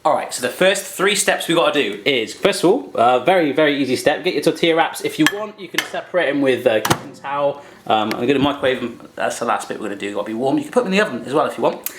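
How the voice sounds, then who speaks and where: In his home kitchen, a man hosting a casual cooking channel talks fast and expressively with few pauses, his mid-range voice echoing around the room over background noise. He jokes around as he cooks, tossing in playful, silly asides.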